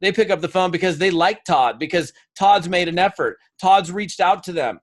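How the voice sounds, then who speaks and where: A man giving a live seminar as a motivational speaker urges the audience to act, sounding energetic and coaxing. His pitch leans a little high, and his stories feature brief acted-out quotes.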